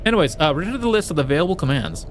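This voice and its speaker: A man's voice: fairly high pitch, big pitch swings, rapid-fire, soft background music. A man casually commenting on a game and reading its text aloud, rambling with many fillers and joking about his failed accents. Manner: rambling and playful, with frequent fillers and restarts; tries silly put-on accents and laughs at himself. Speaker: let's play streamer.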